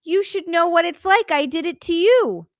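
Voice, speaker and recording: A woman's voice: very high voice, lively intonation, moderate pace, no echo, clean studio sound. A woman hosting a casual livestream, chatting with her chat and effusively thanking viewers, giggly and bubbly. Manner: bubbly and effusive, giggly, chatty asides while navigating settings. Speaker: livestream host.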